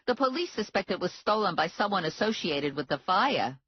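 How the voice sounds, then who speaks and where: A woman doing a brisk, brassy office manager. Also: medium pitch, very animated, husky, dry recording, highs cut off, voice pushed up.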